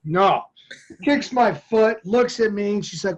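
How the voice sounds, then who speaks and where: A man from Massachusetts, a podcast guest telling a personal story in a lively, vivid way. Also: high-pitched, unhurried. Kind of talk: storytelling in an interview. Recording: dull lo-fi sound.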